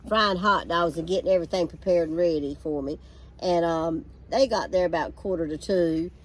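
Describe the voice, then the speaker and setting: A woman's voice: lowish voice, normal speed. Older woman telling rambling stories. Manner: rambling, homey storytelling. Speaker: co-host. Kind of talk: casual chat. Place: backyard, outdoors.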